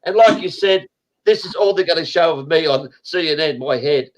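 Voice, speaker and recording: A man's voice: fairly high pitch, lively intonation, moderate pace, background noise. A man hosting a casual group chat over a video call, blunt and rambling, swearing often. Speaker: host.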